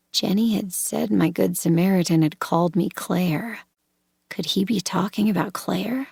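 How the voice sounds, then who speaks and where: Woman, audiobook narrator, first person, measured, tense, dry close sound, gravelly. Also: fairly low pitch, steady tone, darkish tone, no room sound.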